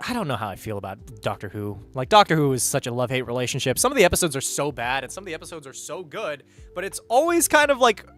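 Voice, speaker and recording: A young-sounding man talks loosely into a streaming mic, his pitch bouncing up and down as he rambles. He hesitates often, swears casually and reacts to chat. Faint music plays behind him. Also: a bit bright. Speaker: livestreamer reading chat.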